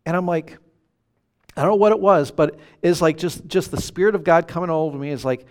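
A man's voice: fairly high pitch, brisk. A man preaching a sermon, telling a personal story and acting out the quotes with animation. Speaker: pastor.

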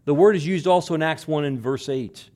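A man preaching a sermon, repeating phrases for emphasis and swinging between loud stresses and hushed words. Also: on the high side, a little fast. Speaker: pastor.

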